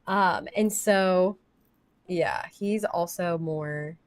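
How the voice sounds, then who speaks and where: A woman's voice: lowish voice, very slow, clean tone. A woman in her thirties, a livestreamer chatting candidly and emotionally about family life, rambling as she reads chat comments aloud. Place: home office.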